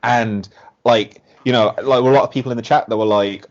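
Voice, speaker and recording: A man chats as a podcast guest, mid-pitched and animated. He keeps acting out quotes with a run of "like"s. The sound is muffled and a little lo-fi. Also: fairly quick. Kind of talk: casual podcast chat.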